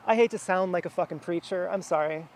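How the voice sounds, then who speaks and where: A man's voice: high-pitched, fast, a little hiss or hum. A man talking to camera in a rambling personal monologue, meandering, with many fillers and restarts. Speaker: vlogger. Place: outdoors near a house.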